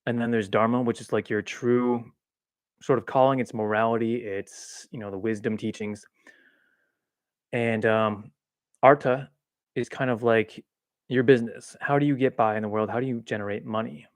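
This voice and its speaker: A man's voice: lowish voice, steady tone, moderate pace, no echo, studio quality. A man hosting a livestream in casual spiritual chat, rambling and self-mocking with frequent laughs, seated in a swivel chair at home. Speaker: livestream host. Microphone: boom-arm mic.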